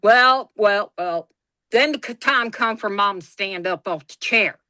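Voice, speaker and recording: Bright, dry-voiced woman telling family stories. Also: mid-range voice, unhurried, dry recording. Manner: animated, acts out quoted voices, swears freely. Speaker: guest storyteller. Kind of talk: casual storytelling.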